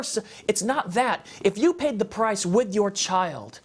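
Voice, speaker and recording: A man's voice: sits high, lively intonation, moderate pace, hardly any pauses. A man giving a heartfelt, passionate faith testimony as a guest, talking in an emphatic, conversational way and repeating phrases for stress. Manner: conversational, with fillers and restarts. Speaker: guest speaker on a parenting show.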